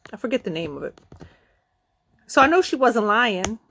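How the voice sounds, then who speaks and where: A middle-aged woman telling a story in a casual, profane way, acting out the quotes with sudden jumps in pitch. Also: very animated, moderate pace, a bit bright.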